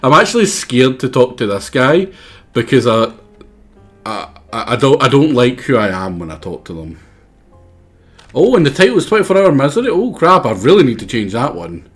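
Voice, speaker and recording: A man rambles through casual gameplay commentary on a livestream, mocking himself as he goes. His voice sounds sore and worn, yet his pitch still rises and falls in a lively way. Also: normal speed, breathy edge, soft background music.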